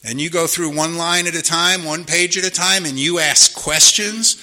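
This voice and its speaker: A man's voice: on the high side, steady tone, moderate pace, sharp tone. A man in his fifties or older giving an earnest personal testimony at a recovery meeting, telling stories and often asking "you know?". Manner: earnest storytelling, repeats himself, frequent "you know?".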